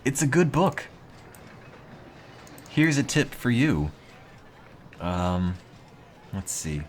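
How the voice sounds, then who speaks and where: A man streaming casually, reading aloud with a dry, deadpan, self-mocking monotone. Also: mid-range voice, very slow, a little hiss or hum. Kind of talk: casual live-stream chat.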